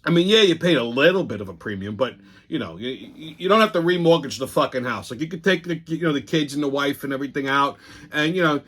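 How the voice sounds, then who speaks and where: A man's voice: a little high, expressive, quick pace, fairly bright tone. A man, hosting a casual monologue, telling blunt, profane stories full of quoted arguments. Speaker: host.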